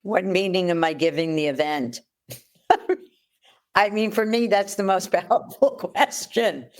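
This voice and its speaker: A woman's voice: on the low side, takes it slowly. A woman guest coach in a podcast interview, talking directly and repeating her key phrases. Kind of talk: conversational interview.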